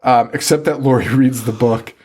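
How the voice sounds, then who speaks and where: A man's voice: mid-range voice, normal speed. A man co-hosting a podcast, chatting casually and profanely as he mocks a movie. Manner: profane, animated, mocking. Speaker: podcast co-host. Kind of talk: casual chat recapping a movie.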